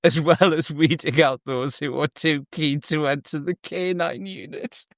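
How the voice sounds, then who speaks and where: A man's voice: a little high, fairly even intonation, unhurried, no echo, studio quality. A man co-hosting a casual podcast, giggly and laughing through his sentences as he reads out a listener email. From England. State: sunstruck, giddy. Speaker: podcast co-host. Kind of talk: casual chat.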